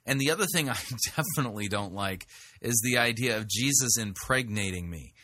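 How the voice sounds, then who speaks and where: A man's voice: lowish voice, animated, brisk, sharp tone, no echo. A man commenting on sermon clips, blunt and sarcastic in his interjections. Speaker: sermon reviewer. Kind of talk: critical commentary over clips.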